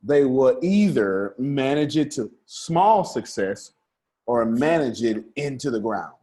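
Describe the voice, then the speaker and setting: A man's voice: mid-range voice, expressive, slow pace, warm tone. A man leading a group study session, with a folksy, preacher-like cadence and repeated lines for emphasis. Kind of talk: lively teaching talk with a small group.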